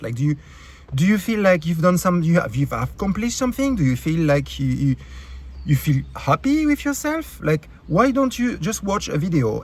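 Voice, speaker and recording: A French-accented man delivering a heated vlog rant, sarcastic and full of swearing. His voice is husky and sits at an ordinary middle pitch, and he stops and restarts often with fillers. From France. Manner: heated, profane and sarcastic, with many halting fillers. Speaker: YouTube creator. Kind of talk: ranting vlog commentary.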